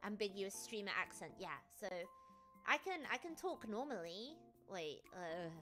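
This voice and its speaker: A woman from the UK streaming casually, answering viewer questions in an excitable, giggly, rambling way. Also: a little high, moderate pace, soft background music. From United Kingdom. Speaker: VTuber streamer.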